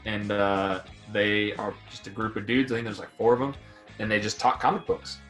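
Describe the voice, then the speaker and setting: A man's voice: fairly low pitch, normal speed, soft background music. A man hosting a podcast, chatting casually and rambling with fillers about the show. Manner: relaxed, rambling, many fillers. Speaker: podcast host. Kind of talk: casual chat.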